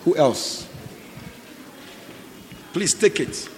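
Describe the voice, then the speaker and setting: A man's voice: a little high, lively intonation, extremely slow. A male pastor exhorts his congregation, repeating short commands and quizzing people directly as he calls them forward. His voice carries a long echo in the hall, with faint noise underneath. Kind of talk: sermon calling for offerings. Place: church.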